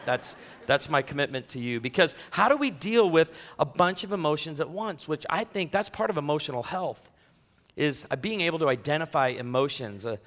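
A man's voice: a little high, sharp tone, long reverb tail. A man preaching a sermon as pastor in a church, talking straight to the congregation in a joking, self-deprecating, conversational way. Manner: talks directly to the congregation. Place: church sanctuary.

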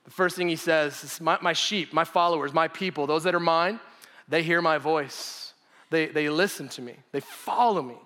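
A man in his thirties preaching a sermon to a congregation, animated and conversational, often repeating phrases for emphasis. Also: on the high side, normal speed, big-room sound. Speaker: pastor. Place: church gathering.

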